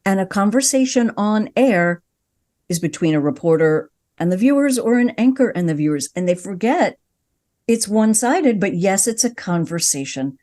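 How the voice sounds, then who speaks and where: A woman in her sixties, a broadcast voice coach, talking as a podcast guest in an expressive, emphatic, teacherly way. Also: medium pitch, moderate pace. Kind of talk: conversational podcast interview.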